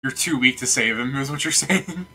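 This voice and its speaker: A man playing a tabletop role-playing game, chatting casually with deadpan quips. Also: medium pitch, normal speed, breathy edge. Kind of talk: casual game chat with in-character lines.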